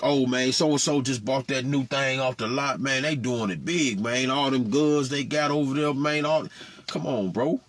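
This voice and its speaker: A man's voice: medium pitch, moderate pace, background noise. A man teaching scripture informally in street talk, saying "man" constantly. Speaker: preacher.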